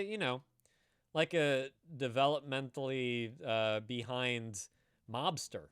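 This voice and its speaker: A man's voice: mid-range voice, takes it slowly, a bit bright, clear, resonant tone, no room sound, clean studio sound. A man chatting casually on a live stream, rambling, laughing and swearing as he answers viewers.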